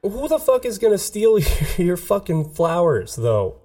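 A woman's voice: on the low side, big pitch swings, normal speed, warm tone. A woman co-hosting a podcast, reacting in casual chat with crude jokes. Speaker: podcast co-host.

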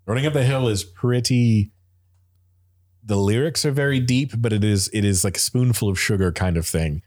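A man's voice: fairly low pitch, normal speed, darkish tone. A man talking casually and enthusiastically about music, rambling with lots of fillers and restarts.

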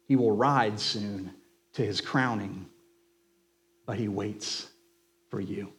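A man voicing a wise, kindly old male wizard who speaks softly and measuredly, reading a novel aloud in a sermon. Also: fairly low pitch. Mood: calm. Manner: soft and measured.

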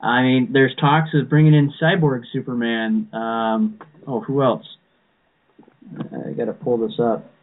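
A man's voice: mid-range voice, steady tone, unhurried. A man chatting casually as a podcast co-host, rambling with frequent restarts and fillers. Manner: rambling, many restarts and "you know"s. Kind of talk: casual fan chat. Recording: tinny phone-like sound.

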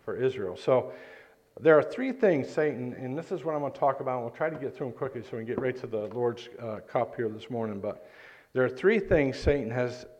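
A man's voice: mid-range voice, animated, brisk, a little mellow, dull audio. A man preaching a sermon in a church, talking conversationally and asking the congregation questions.

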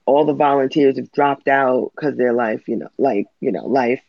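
A man chatting casually in an animated way, acting out what others say. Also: medium pitch, moderate pace, creaky, no echo. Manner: animated, acts out voices of others. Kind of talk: casual chat. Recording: dull lo-fi dry sound.

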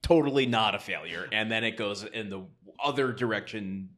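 A man's voice: fairly low pitch, normal speed, a bit bright. Easygoing male podcast co-host. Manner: laughs often, short agreeing replies. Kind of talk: casual recap chat.

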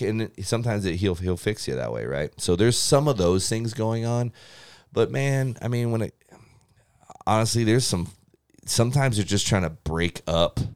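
A man as a podcast guest, telling stories from his pitching days in an animated way and acting out what coaches said, with frequent restarts. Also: clean tone. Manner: animated, acts out coaches' lines, many restarts. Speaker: guest, former pro pitcher. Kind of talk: storytelling in casual conversation.

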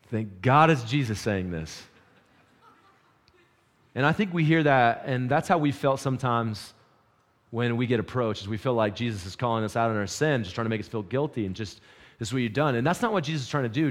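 A man preaching a sermon, shifting from loud urgent peaks to quiet intense lows, with casual slang. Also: brisk, pauses often.

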